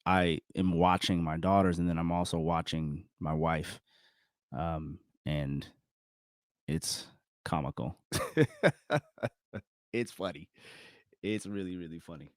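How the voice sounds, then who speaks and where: A man's voice: deep voice, fairly even intonation, unhurried, no echo, studio quality. A middle-aged man talking casually to his viewers on his own, rambling and correcting himself, chuckling often. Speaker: vlogger. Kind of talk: casual solo self-reflection talk.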